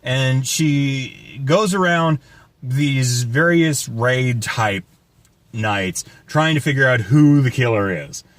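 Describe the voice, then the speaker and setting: A man's voice: mid-range voice, takes it slowly, no echo. A man giving a casual movie review, ranting with profanity and sarcasm. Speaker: guest film reviewer.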